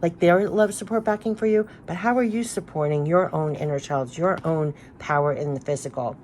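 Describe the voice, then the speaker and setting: Low-voiced emotional woman reading cards. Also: normal speed, a little mellow, slight background noise. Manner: emotional, earnest, rambling with many restarts. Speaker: tarot card reader. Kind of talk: spiritual card reading.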